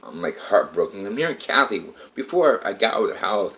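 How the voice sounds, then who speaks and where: Animated man rambling through a story. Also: on the low side, a little fast, low-quality recording. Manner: rambling, emotional retelling with many restarts. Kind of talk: personal life story told to camera.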